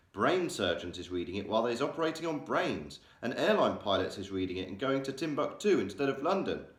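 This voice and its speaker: A male primary school teacher reading a children's novel aloud, changing his voice for the characters. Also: mid-range voice. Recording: echoey room.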